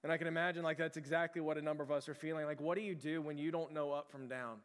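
A man preaching in a church sanctuary with a voice pitched a little higher than most men. He speaks conversationally and earnestly, restarting phrases as he goes, and his voice rings out with a long reverb through the hall. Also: steady tone, racing, a bit bright, smooth. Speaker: pastor. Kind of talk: sermon.

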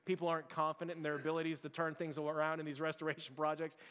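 A pastor preaches a casual, chatty sermon to his church in the sanctuary, his speech full of "like" and restarts. His voice is a little high, level and racing, slightly bright with a clear, resonant tone in a large hall.

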